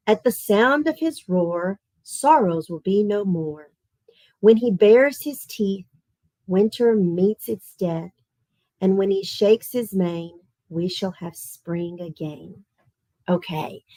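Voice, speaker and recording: A woman with a Southern Tennessee accent leads children through an online literature lesson over a video call. Her talk is chatty and animated, full of questions to the kids, and she slows to a measured rhythm when she reads verse. The sound is dry and close. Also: mid-range voice, no room sound, low-quality recording. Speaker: teacher leading an online summer literature camp.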